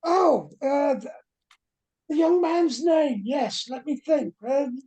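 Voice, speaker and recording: A woman puts on a posh British accent for an eccentric, flamboyant male professor in a tabletop game. He rambles in a fussy, chuckling way, and his voice sits a notch above her own mellow, unhurried tone. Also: high-pitched, animated, muffled recording, voice pushed up. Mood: flustered.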